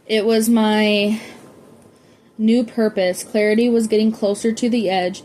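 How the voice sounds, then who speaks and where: A woman's voice: medium pitch, flat delivery, a little slow, darkish tone, slight background noise. A woman reading a novel aloud, often stumbling and correcting herself as she goes. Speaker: audiobook reader.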